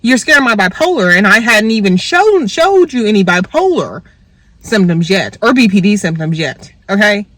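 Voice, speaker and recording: A young woman venting in a profane, animated storytime rant to her viewers. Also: mid-range voice, moderate pace, dry recording. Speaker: vlogger.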